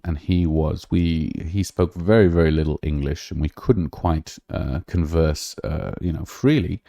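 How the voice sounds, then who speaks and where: A man's voice: sits low, gravelly, mellow, no echo, clean studio sound. A man hosting a podcast, talking casually and rambling with many fillers and restarts. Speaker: podcast host. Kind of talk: casual livestream talk.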